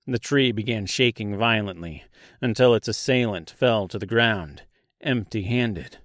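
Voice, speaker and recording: A man narrating a dark fantasy audiobook in a slow, deliberate storytelling manner. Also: lowish voice, no echo, studio quality.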